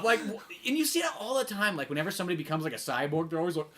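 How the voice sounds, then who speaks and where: A young man co-hosting a podcast, animated and laughing, swearing freely and mimicking characters as he talks. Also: high voice, rapid-fire. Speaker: podcast co-host. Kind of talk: casual chat.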